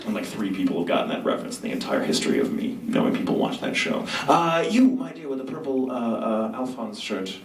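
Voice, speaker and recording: A man speaking at a convention Q&A panel, telling stories in an animated, self-mocking way and acting out quotes. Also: mid-range voice, fairly quick, hardly any pauses. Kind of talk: storytelling Q&A panel. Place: large convention hall. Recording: echoey convention hall from far off.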